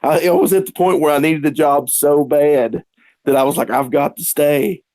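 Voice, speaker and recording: Rambling storyteller man, slightly high voice. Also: moderate pace, darkish tone, dry recording. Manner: rambling anecdotes with acted-out quotes. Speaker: podcast guest. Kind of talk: casual storytelling.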